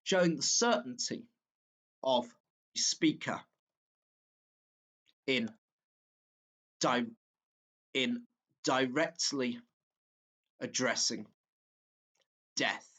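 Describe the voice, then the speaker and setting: Man, teacher, very slow delivery, halting with fillers, self-correcting, mid pitch. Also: a bit bright. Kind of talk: exam walkthrough lesson.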